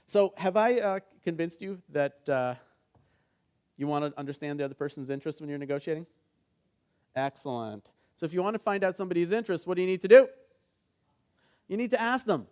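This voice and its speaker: Lively middle-aged man teaching a workshop. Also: on the high side, fairly quick, pauses often, smooth. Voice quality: engaging, keeps asking the audience "right?". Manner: animated storytelling, acts out quoted dialogue. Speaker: negotiation trainer and mediator. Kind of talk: conference workshop talk.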